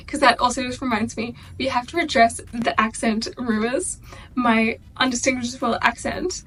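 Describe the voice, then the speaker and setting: A young Australian woman chatting excitedly to camera as a vlog host. Her voice sits a little high, and she strings her thoughts together with a steady stream of "like". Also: fairly quick. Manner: gushing, chatty, heavy use of "like". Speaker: vlogger. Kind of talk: casual reaction chat.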